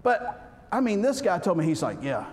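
A man preaching a humorous sermon, folksy and joking, swinging between loud and soft. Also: high voice, very animated, normal speed. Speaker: pastor. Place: church sanctuary. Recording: reverberant hall with faint background noise.

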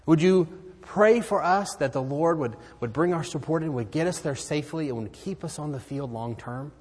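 A man speaking as a missionary, making an earnest appeal in a sermon, swinging from loud exclamations to hushed near-whispers. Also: on the high side, husky. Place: church sanctuary. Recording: hall reverb.

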